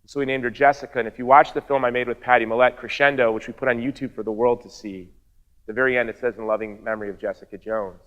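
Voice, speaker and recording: A middle-aged man speaks to an audience, giving a heartfelt personal testimony at a mid-range pitch. He tells the story earnestly and slips in wry, dry asides along the way. The recording is slightly dull and lo-fi. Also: fairly even intonation, quick pace, a bit bright, big-room sound.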